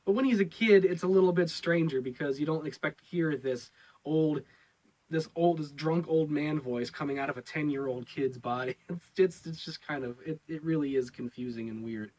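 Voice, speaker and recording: A man's voice: fairly high pitch, moderate pace, darkish tone, low-quality recording. A man giving a casual review of a TV episode, rambling and repeating his words with many fillers. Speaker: show reviewer.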